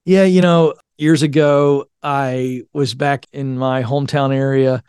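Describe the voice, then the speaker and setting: A man's voice: mid-range voice, fairly even intonation, unhurried, a little mellow, clear, resonant tone, dry recording, clean studio sound. A middle-aged man from Virginia, a guest author telling folksy, earnest stories in a podcast interview. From Virginia, Tidewater area.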